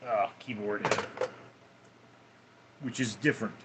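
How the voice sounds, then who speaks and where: A man's voice: on the low side, steady tone, takes it slowly, very noisy. A man live-streaming from home with his cats, reading viewer comments aloud and answering them offhandedly. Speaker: livestreamer reading chat. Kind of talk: casual live-stream chat.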